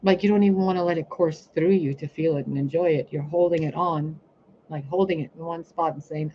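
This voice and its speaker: On her own live stream, a spiritual reader and healer rants casually, bluntly, and profanely in a low voice that runs a little fast. The audio has its highs cut off and carries slight background noise. She gets animated and performs other people's lines.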